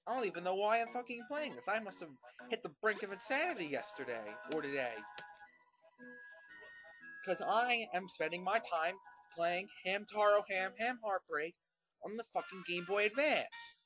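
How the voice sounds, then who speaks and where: A man commentating over his own gameplay, ranting in constant profane exasperation at a slow game. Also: high voice, animated, rough recording. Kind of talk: let's play commentary. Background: video game music.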